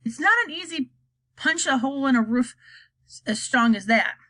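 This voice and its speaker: A whimsical, eccentric chocolate-factory man, put on by a woman reading aloud. He talks in a grand, teasing, theatrical way, with a bright voice that swoops up and down. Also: sits high, expressive, normal speed.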